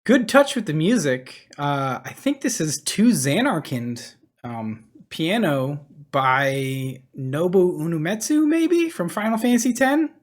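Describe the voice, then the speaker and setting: A woman's voice: deep voice, animated, slow. A woman giving casual, wry, amused reaction commentary. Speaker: video reactor.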